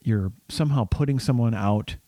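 A male podcast co-host speaks hesitantly in casual chat, full of fillers and restarts. His voice is medium in pitch and dark in tone at a normal speed, in a dry recording.

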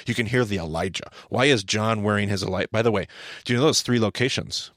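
A man's voice: on the low side, fast, a bit bright, no room sound, clean studio sound. A man hosting a podcast, explaining things in a casual teaching style, emphatic and often correcting himself mid-sentence.

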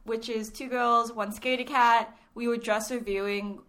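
A woman's voice: on the high side, normal speed. A young woman co-hosting a true crime podcast, chatting casually and telling stories with lots of giggles. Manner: giggly, animated storytelling. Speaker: podcast co-host. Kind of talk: casual chat.

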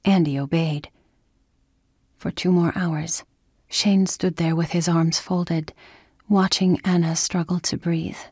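Woman reading a story aloud, slow and low-pitched, dry close sound. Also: breathy edge, dry recording. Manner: calm, measured, dropping to a whisper in tense moments. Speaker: narrator. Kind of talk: scripted story narration.

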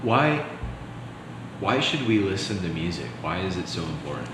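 A man hosting a podcast interview, asking short questions in a relaxed manner and laughing along with his guest. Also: low voice, moderate pace. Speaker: podcast host. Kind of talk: casual interview. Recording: echoey room with long reverb and clear hiss.

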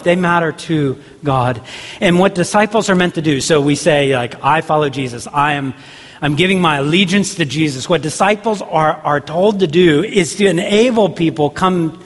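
A man pastor preaching a sermon earnestly, with repeated rhetorical questions. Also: fairly high pitch. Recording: long hall reverb.

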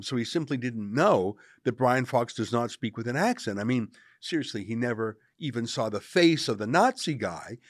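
A man's voice: medium pitch, dry recording, studio quality. A man commentating on clips, sarcastic and argumentative. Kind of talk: opinion commentary.

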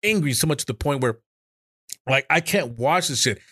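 A man's voice: mid-range voice, expressive, normal speed, sharp tone, no echo, studio quality. A man hosting a political podcast, talking heatedly and emotionally with stammering restarts and swearing. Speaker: podcast host.

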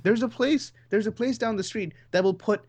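A man's voice: high voice, moderate pace, a little mellow, breathy edge. A man co-hosting a casual podcast, ranting in an exasperated, profane way. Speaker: podcast co-host. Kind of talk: casual comedic rant.

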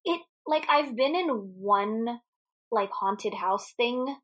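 A woman's voice: on the high side, expressive, slow pace, a bit bright. A woman co-hosting a podcast, chatting casually about a movie, laughing often and swearing freely. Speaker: podcast co-host. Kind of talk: casual movie recap chat.

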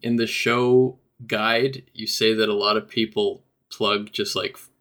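A man's voice: on the low side, fairly even intonation, a little slow, fairly bright tone. A man appearing as a podcast guest, laid-back and self-deprecating, often laughing. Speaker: guest, game developer. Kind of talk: casual chat.

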